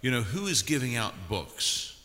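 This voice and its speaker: Male church leader, earnest, bright tone, rhetorical questions, reverberant hall. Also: medium pitch, very animated, normal speed. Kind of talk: panel discussion.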